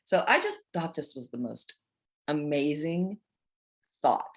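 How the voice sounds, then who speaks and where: Host, female, 60s, low voice, expressive spiritual coach talk. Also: takes it slowly. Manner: expressive, acts out inner voices with laughter. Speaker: host of a women's group chat.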